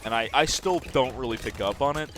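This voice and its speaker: A man's voice: mid-range voice, fairly quick, a bit bright. A young Canadian man streaming a game from home, rambling and chatting casually with his viewers and laughing often, with game music behind him. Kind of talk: casual gaming commentary to chat.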